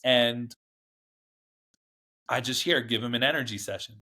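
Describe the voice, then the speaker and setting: In a sharp, measured, medium-pitched voice with fairly even intonation, a male interview guest candidly tells stories from his past. His telling is rambling and emphatic, and he often acts out dialogue from others.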